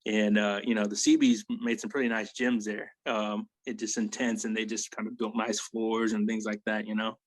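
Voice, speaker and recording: A man's voice: lowish voice, little pitch movement, normal speed, few pauses, no echo, low-quality recording. Rambling, blunt army veteran man. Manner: rambling, tag questions like "right?" and "you know?"; blunt, swears freely. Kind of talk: casual war storytelling.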